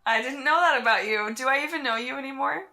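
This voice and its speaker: A woman's voice: high-pitched, sharp tone. Teasing, profane woman podcast host. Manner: teasing and profane, quick to laugh. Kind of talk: casual chat.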